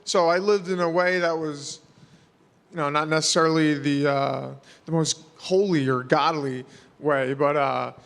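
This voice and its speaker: A man's voice: fairly high pitch, fairly even intonation, measured pace, creaky, fairly bright tone, big-room sound. A man, answering press questions in a casual, rambling way full of fillers. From New York. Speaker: fighter.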